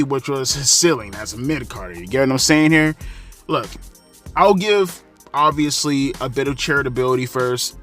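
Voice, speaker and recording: A man talks straight to his viewers in a loose, sarcastic vlog rant about wrestling and swears freely along the way. His voice sits at a middle pitch, and quiet music plays underneath. He moves between mock enthusiasm and blunt dismissal. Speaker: YouTube wrestling commentator. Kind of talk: casual opinion vlog.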